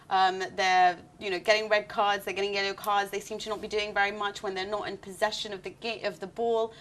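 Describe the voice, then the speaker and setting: A woman hosting a casual football discussion who asks pointed, lively questions. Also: mid-range voice. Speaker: show host.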